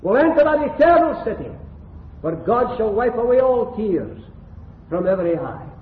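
An older man from Scotland delivers a fervent gospel hall sermon in a very high-pitched voice, building his points through rhythmic repetition. He sounds echoey and tinny, as if heard on an old phone-like recording made in a reverberant hall. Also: very animated, moderate pace. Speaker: preacher.

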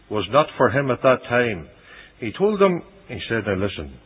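Preacher with big dynamic swings. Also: male voice, medium pitch, big pitch swings, unhurried, slightly rough. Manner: dramatic preaching, voicing Christ's words with big swings from loud to hushed. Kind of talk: sermon. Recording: dull lo-fi radio recording.

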